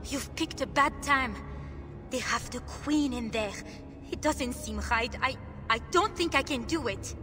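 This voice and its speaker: Timid temple helper, higher voice, long hall echo, game music under. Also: female voice, a little slow. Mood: uneasy. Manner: hesitant, worried. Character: uneasy young woman temple assistant, timid and troubled.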